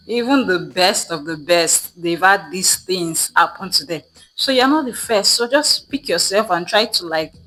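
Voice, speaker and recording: A woman's voice: mid-range voice, sharp tone, poor audio. A young woman telling a storytime vlog, chatty with many fillers, acting out what people said. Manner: chatty, many fillers, acts out quoted dialogue. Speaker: vlogger.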